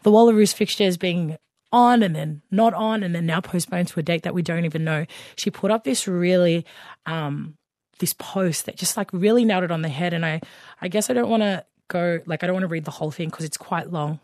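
A woman's voice: lowish voice, a little fast, darkish tone, no echo, studio quality. A woman, co-hosting a casual radio sports chat, talking with many fillers and restarts. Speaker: co-host.

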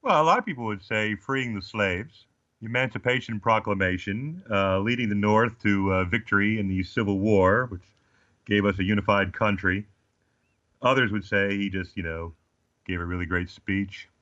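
This Australian man in his forties is a guest in a casual chat, spinning comic stories with dry humor. His voice is lowish and a bit bright, at a normal speed, with no echo, though the lo-fi recording sounds slightly dull.

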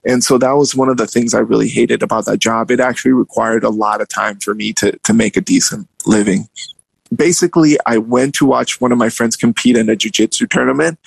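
A young man telling a story casually and animatedly, jumping up in pitch when he acts out other people. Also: brisk, vocal fry, breathy edge, no room sound, poor audio. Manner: animated, acts out voices with big pitch jumps.

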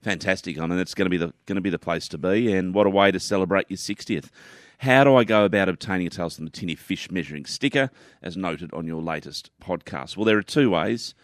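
A man's voice: low-pitched, fast, hardly any pauses, no echo, clean studio sound. A man co-hosting a podcast, reading listener mail and laughing along in casual banter. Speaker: podcast co-host.

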